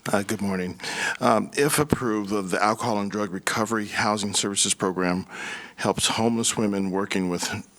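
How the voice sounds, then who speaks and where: Very deep-voiced man presenting at a meeting. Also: normal speed, fairly bright tone, low-quality recording. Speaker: county health and human services director.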